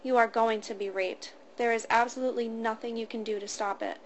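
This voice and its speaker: A woman's voice: fairly high pitch, fairly even intonation, a little fast, a little hiss or hum, lightly acted, low-quality recording. A woman voicing a frightened young woman who stutters tearfully while reading out a statement in a story. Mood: frightened, resigned.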